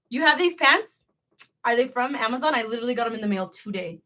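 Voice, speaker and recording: A young woman chats on a casual livestream, crocheting as she goes. Her voice is bright and a little high, and she jumps between topics in a bubbly, self-mocking way. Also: a little fast. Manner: bubbly, rambling, self-deprecating.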